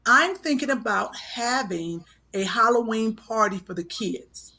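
Female podcast co-host, bright and expressive, casual teasing delivery. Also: on the high side, measured pace. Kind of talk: casual comedic chat.

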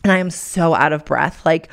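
A woman's voice: low-pitched, gravelly. A young woman hosting a podcast, telling stories in casual chat and laughing often. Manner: animated storyteller, laughs often. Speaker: podcast host.

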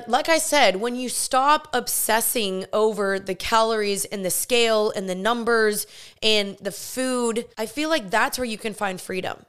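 Smooth-voiced chatty young woman. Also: fairly high pitch, fairly bright tone. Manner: earnest, chatty, frequent "like". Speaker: podcast host. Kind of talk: faith-based casual talk.

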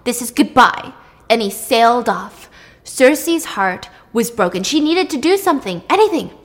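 A young woman casually retelling a myth, lively and irreverent, with casual swearing. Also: a little high, normal speed. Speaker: storyteller.

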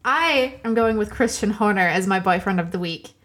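A woman's voice: mid-range voice, moderate pace, a bit bright. Blunt, dry-witted woman podcast co-host. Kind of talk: casual chat.

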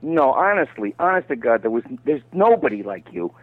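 A man's voice: on the high side, brisk, no room sound, narrow, tinny audio. A man from Detroit, a voice actor guest telling jokey stories in a casual podcast chat. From Detroit, Michigan. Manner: animated, storytelling, jokey.

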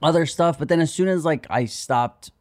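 A man's voice: a little high, normal speed, no room sound, studio quality. A man chatting as a podcast guest, rambling with lots of "like" and acting out little quotes. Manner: rambling, frequent "like", acts out quotes. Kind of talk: casual chat.

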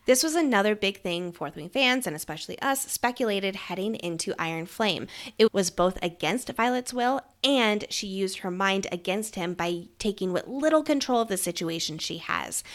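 A young woman with a mid-pitched, everyday voice co-hosts a book podcast. She talks earnestly and with enthusiasm, using plenty of fillers. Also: expressive, normal speed, few pauses. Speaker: podcast co-host. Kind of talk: casual book discussion.

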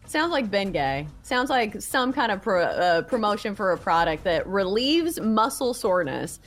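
A woman with a Southern US accent talks through sports picks in a chatty, casual way. Her pitch rises and falls a lot, and she pokes fun at herself. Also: moderate pace, faint music behind. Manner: chatty, animated, self-deprecating. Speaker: sports show co-host.

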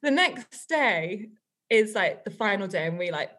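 A woman, a guest on a podcast, telling a story in a chatty, animated way and laughing often. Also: mid-range voice, a little slow. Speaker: guest author and teacher.

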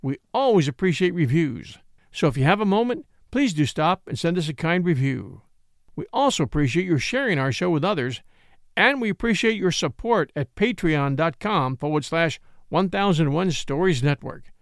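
Gravelly, animated male storyteller. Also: a little high, moderate pace, no echo, studio quality. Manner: expressive, animated reading. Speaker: host and storyteller. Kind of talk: dramatic audiobook narration.

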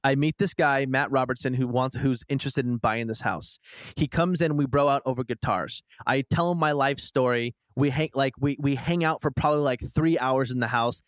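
A man in his twenties hosting a podcast, telling a long story in casual chat, rambling and animated with frequent restarts. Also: medium pitch, normal speed, dry recording. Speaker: podcast host.

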